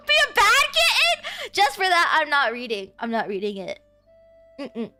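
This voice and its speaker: A woman's voice: sits high, lively intonation, unhurried, sharp tone, soft background music. A woman streamer chatting casually with her viewers, playful and teasing, often giggling.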